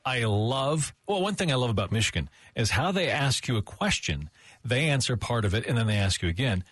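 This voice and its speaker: A man chatting casually and warmly, laughing now and then. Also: mid-range voice, sing-song, a little fast, slightly rough, no room sound. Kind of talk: casual chat.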